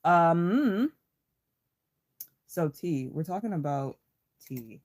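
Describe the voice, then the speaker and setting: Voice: mid-range voice, lively intonation, very slow. A livestream host in a casual, rambling chat, swearing freely and greeting viewers in chat by name with a playful laugh.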